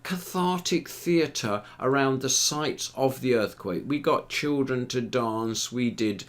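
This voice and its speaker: An older man, a retired theatre performer, telling long anecdotes about his career in a rambling, relaxed way with frequent fillers. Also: mid-range voice, slow pace. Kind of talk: relaxed storytelling interview.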